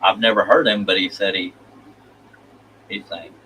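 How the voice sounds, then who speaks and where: Male stream host, low pitch, chatty, reads chat aloud. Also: moderate pace, bright, forceful tone, slight background noise, low-quality recording. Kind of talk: casual live stream chat.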